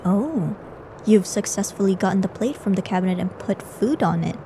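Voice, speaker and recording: A woman's voice: mid-range voice, animated, normal speed, background noise, close to an everyday voice. A woman performing a scripted audio role-play as a weary, teasing young woman friend stuck in a time loop, speaking in a dry, knowing way.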